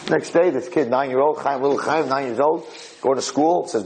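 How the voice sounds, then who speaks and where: A man, a rabbi lecturer, giving a sermon through an animated, dramatic story told with quick restarts. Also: mid-range voice, a little hiss or hum, low-quality recording.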